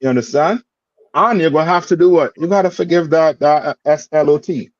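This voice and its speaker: A man's voice: fairly high pitch, brisk, dry recording, muffled recording. Man teaching a religious class. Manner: repetitive questioning, streetwise phrasing.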